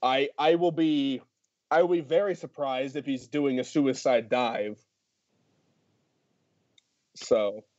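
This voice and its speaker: A man co-hosting a casual podcast, excitable and swearing. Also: mid-range voice, slow, long pauses, no room sound. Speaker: podcast co-host. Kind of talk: casual wrestling podcast chat. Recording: dry, dull lo-fi audio.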